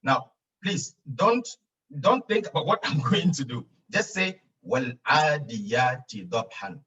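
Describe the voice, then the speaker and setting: Man, language teacher, patient, repeats phrases, slightly high voice, distant muffled recording. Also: very animated, unhurried, bright, forceful tone, slightly rough. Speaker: Arabic teacher. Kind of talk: online language lesson. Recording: distant dull lo-fi mic.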